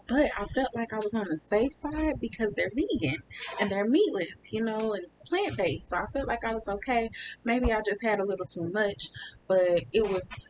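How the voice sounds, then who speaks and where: Chatty woman vlogger over a rumbly background. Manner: chatty, talks straight to viewers with many um's and y'all's. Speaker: vlogger documenting her weight-loss surgery recovery. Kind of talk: casual chat to camera. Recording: steady rumbling background noise.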